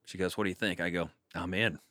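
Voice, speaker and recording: Lively joking male storyteller. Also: sits low, fast, dry recording. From Kansas, United States. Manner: animated, jokey storyteller. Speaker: singer-songwriter guest. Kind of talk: casual storytelling interview.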